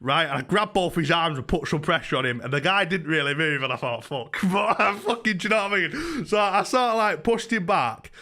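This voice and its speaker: A man's voice: a little high, fairly quick, hardly any pauses. A young man, a streamer telling a rambling story full of swearing and restarts. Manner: profane, excitable, rambling with many restarts. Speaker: YouTuber streamer. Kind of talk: casual storytelling on a livestream.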